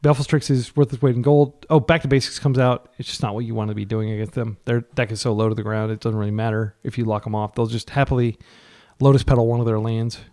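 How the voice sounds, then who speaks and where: A card game player who hosts his own channel talks casually and quickly at medium pitch while playing an online card game. He gets excitable, pleads with his deck, and his voice jumps up whenever he's frustrated.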